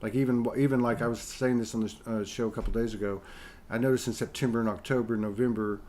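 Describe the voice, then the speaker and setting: A man's voice: mid-range voice, steady tone, fast talker, a little mellow, a little hiss or hum. A man hosting a casual interview, rambling and restarting his sentences as he thinks aloud. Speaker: host.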